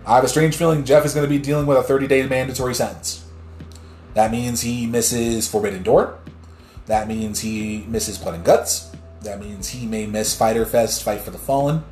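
A man hosting a casual news commentary podcast, swearing freely and getting loud when worked up, who also reads news articles aloud with a few stumbles. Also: medium pitch, fairly even intonation, normal speed, reverberant, soft background music. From New Jersey. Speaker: podcast host.

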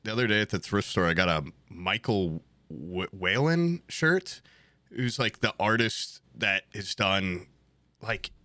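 A man's voice: on the low side, measured pace, sharp tone, no room sound. A young man co-hosting a podcast, chatting casually in a rambling, profane, laid-back way. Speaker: podcast co-host. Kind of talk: casual chat.

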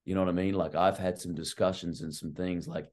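A middle-aged man with a fairly low voice tells coaching stories at length. He talks casually and leans hard on fillers like "like" and "right." He is a guest on a podcast. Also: brisk. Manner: animated and long-winded, heavy on fillers like "like" and "right". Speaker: guest, college basketball coach. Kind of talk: casual storytelling.

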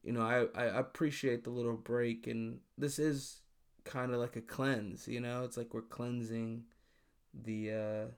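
A man's voice: mid-range voice, little pitch movement, a little slow, clear, resonant tone. A man hosting his own podcast, talking alone in a loose, profane, exasperated rant. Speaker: podcast host. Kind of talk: casual solo podcast monologue.

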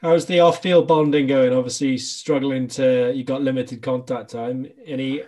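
A man's voice: medium pitch, steady tone, moderate pace, darkish tone. A man hosting a podcast, asking loose, rambling questions in casual chat. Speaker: podcast host.

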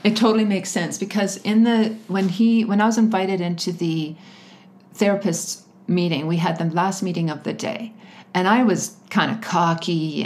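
Candid woman telling her story. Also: fairly low pitch. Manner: candid, laughs often, animated retelling. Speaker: guest. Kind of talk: personal story in an interview.

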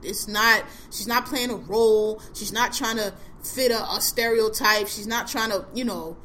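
A woman with a bright, forceful voice that sits a little high hosts a casual podcast chat. She talks bluntly and profanely in colloquial slang and laughs often. A faint hiss of noise runs underneath. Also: steady tone, moderate pace. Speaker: podcast host. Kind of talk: casual chat reviewing a TV show.

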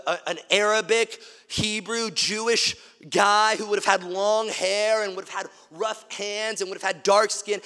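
A man preaching a sermon, swinging between loud emphasis and hushed, quiet passages. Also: high-pitched, in a large hall. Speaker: pastor.

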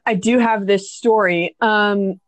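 Young woman, podcast co-host, casual storytelling, animated, swears freely, dry close sound. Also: medium pitch, slow pace, dry recording. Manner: animated retelling with blunt swearing and acted-out quotes.

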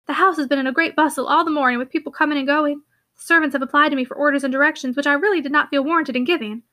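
A woman's voice: sits high, steady tone, racing, pushed and bright. A woman reading the part of a timid, anxious older woman in an audiobook, hesitant and apologetic.

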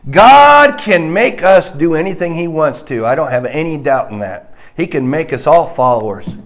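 A man preaching a sermon slowly and emphatically, dropping to a hushed voice on key points. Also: a little high, expressive.

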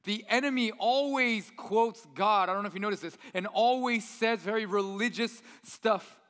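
A young male pastor delivers a relaxed, conversational sermon and slips into other voices to act out the tempter. His voice sits high for a man. The room carries a long church-hall reverb. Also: normal speed. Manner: conversational preaching, acts out tempter's voice.

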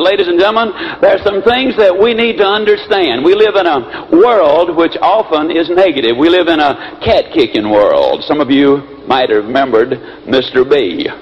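A man giving an animated, folksy motivational speech, telling a story. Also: high-pitched, muffled recording, slight background noise. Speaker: motivational speaker.

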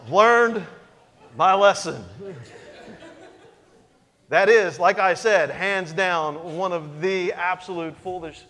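Pastor, male, high-pitched, animated and self-mocking storyteller, reverberant sanctuary. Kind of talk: sermon storytelling.

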